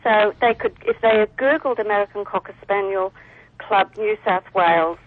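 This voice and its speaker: Australian woman, dog breeder guest, chatty, husky voice, tinny phone line. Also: medium pitch, normal speed. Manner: chatty, many fillers and restarts. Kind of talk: casual phone interview.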